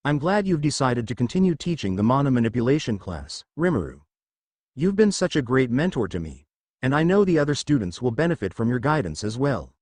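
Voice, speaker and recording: A man reading as a soft-spoken student president. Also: medium pitch, sing-song, a little fast, dry recording. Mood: earnest. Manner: soft, sincere. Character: calm, earnest young woman, a student council president.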